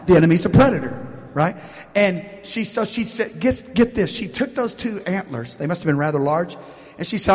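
A man preaching to his congregation from the pulpit, with a fairly high voice and an animated, back-and-forth delivery that keeps asking the room for an "Amen". His words ring out with a long reverb across a large church hall. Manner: animated, call-and-response preaching with frequent "Amen?". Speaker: pastor. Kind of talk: sermon. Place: church sanctuary.

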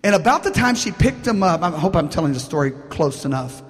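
Male pastor, high voice, animated call-and-response preaching, long church-hall reverb. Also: a little fast. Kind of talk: sermon. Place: church sanctuary.

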